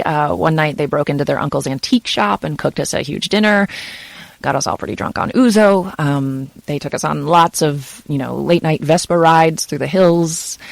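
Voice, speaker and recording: A woman's voice: sits low, gravelly, no room sound. A woman who narrates audiobooks, chatting loosely in an interview with lots of fillers like "kind of" and "you know". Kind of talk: casual interview answers.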